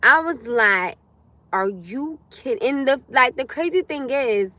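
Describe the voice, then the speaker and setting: Her voice is high-pitched and slow, recorded without echo, as a young woman hosts a casual livestream. She chats animatedly and loosely with viewers, answering their comments and swearing freely.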